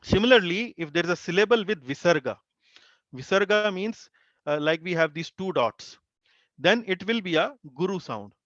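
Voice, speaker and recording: A man teaching an online class, his voice a little high for a man. He explains slowly, repeats syllables and fills gaps with "uh". The sound is dull and lo-fi, close and dry. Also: lively intonation, a bit bright, no echo. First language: Hindi. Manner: slow explaining with many fillers and repeated syllables. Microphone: video call.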